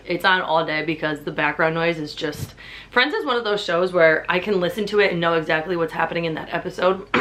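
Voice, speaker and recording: Chatty young woman with a lowish voice. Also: fairly bright tone. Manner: chatty, filler-heavy, says "like" constantly. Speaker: book vlogger. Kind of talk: casual vlog chat. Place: home.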